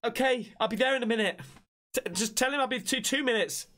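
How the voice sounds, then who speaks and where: A man's voice: extremely high pitch, fast talker, background noise. A man doing a flustered, busy devil. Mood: harried. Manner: flustered, brushing callers off. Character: harried male devil, too busy for callers.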